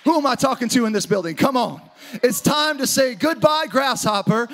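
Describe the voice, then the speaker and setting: A man preaching an energetic sermon to a church audience, often shouting for emphasis. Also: high-pitched, normal speed, gravelly, a faint crowd, slight background noise. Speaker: pastor. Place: church auditorium with live audience.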